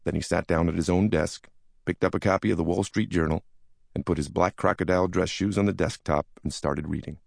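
A man's voice: low-pitched, steady tone, fairly quick, creaky, a little mellow, no echo, clean studio sound. A man narrating a first-person memoir audiobook in a wry, sardonic manner.

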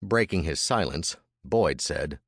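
A man narrating a frontier story in the first person, measured and expressive. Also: extremely low pitch, creaky, breathy edge, dry recording, studio quality.

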